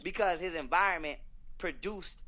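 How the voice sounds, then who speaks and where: A man's voice: high-pitched, moderate pace, bright, forceful tone. A young man, talking in an emphatic, profane, preachy rant as a podcast guest. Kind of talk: heated casual conversation.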